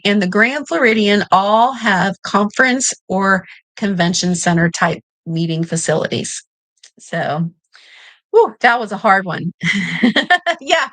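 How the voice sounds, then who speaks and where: A woman's voice: fairly high pitch, fairly bright tone, dry recording, poor audio. A woman with a Kentucky accent hosting a live trivia game, playful and teasing, laughing often.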